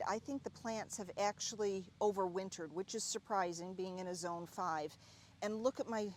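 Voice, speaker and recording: A woman with a mid-range voice strolls through her home garden outdoors, chatting casually about what's blooming and getting openly excited over her plants. A faint hum of outdoor noise sits behind her. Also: medium pitch. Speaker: gardening vlogger. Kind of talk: casual garden tour narration.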